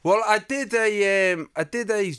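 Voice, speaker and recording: A man's voice: high-pitched, a little slow, smooth, no echo, studio quality. Storytelling middle-aged Scouse man. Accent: Liverpool Scouse. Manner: storytelling, animated, repeats words when starting a sentence. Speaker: comedian guest. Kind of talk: casual chat.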